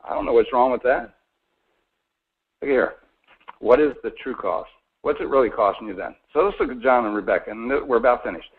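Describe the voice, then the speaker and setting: On a tinny phone line, a forty-something Floridian delivers a folksy, persuasive mortgage talk to a conference call, often asking questions of listeners. He is brisk and medium-pitched, pausing often.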